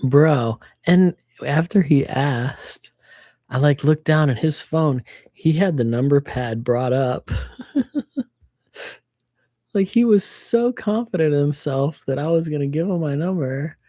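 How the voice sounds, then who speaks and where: A woman livestreaming a casual chat, telling an animated story full of swearing. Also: low voice, slow, dry recording, clean studio sound. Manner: animated storytelling, swears freely, acts out quotes.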